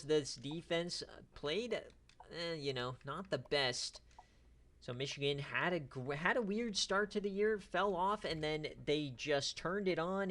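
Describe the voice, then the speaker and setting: A man giving loose, excitable live-stream commentary on simulated football games, cheering, trash-talking and dropping casual slang. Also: on the high side. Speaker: online dynasty league streamer.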